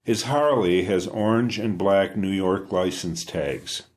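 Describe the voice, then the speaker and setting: A man reading his own book aloud in an even, first-person storytelling manner. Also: low voice, takes it slowly. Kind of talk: audiobook narration.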